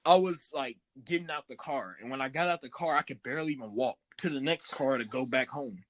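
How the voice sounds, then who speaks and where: A young man co-hosting a podcast, telling stories in an animated, laughing way. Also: medium pitch, fairly quick, no room sound. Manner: animated storyteller, loud laughing retellings. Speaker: podcast co-host. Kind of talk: casual chat.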